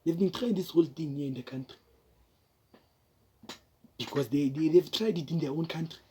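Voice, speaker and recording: South African male commentator, rambling delivery, slightly high pitch, mellow tone. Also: moderate pace, slight background noise. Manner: rambling, restarts, mixes in local words. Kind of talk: casual commentary.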